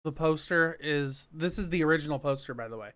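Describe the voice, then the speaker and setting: A man co-hosting a casual movie review podcast, giggly and quick with questions. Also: on the high side, a bit bright. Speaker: podcast co-host.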